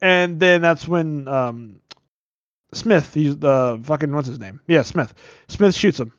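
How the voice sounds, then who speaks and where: Guy on a podcast rambling thru a movie plot, kinda high voice, dull dry sound, tons of "like". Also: takes it slowly, dry recording. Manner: rambling, filler-heavy retelling with frequent "like"; swears casually. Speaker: podcast host. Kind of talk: casual movie recap.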